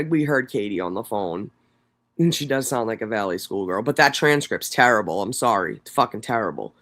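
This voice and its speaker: A man's voice: mid-range voice, fairly bright tone. A man hosting a livestream, reading court documents aloud and breaking off into blunt, profane commentary. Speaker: livestream host. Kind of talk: casual live commentary.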